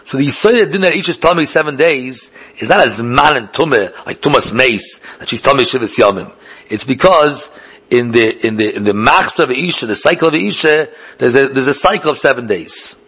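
A man delivers a Talmudic lecture in a husky, middle-pitched voice. He thinks out loud, stumbling over repeated words and restarting his sentences. He weaves Hebrew and Yiddish learning terms into his English. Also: lively intonation, fairly quick. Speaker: Talmud teacher.

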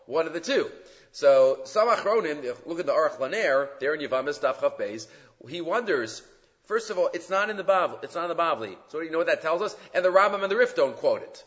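A man teaching a Talmud class, explaining Jewish legal sources with animated emphasis and many Hebrew and Aramaic terms. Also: a little high, fairly quick. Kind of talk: lecture on Jewish law. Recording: muffled sound in a reverberant room.

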